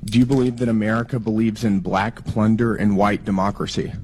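A man with a hoarse voice from a cold, questioning a witness persistently at a hearing. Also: fairly low pitch, steady tone, a little fast, darkish tone. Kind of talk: hearing interrogation.

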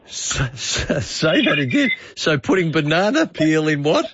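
A man's voice: on the high side, very animated, measured pace, noisy background. A man hosting overnight talkback radio, chatty and rambling as he muses aloud to callers. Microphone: studio microphone. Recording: dull dry studio sound.

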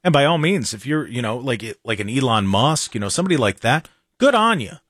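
A man hosting a casual talk show, animated and sarcastic, often dropping into mocking voices. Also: mid-range voice, fairly quick, slightly rough, dry recording, studio quality. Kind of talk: casual chat.

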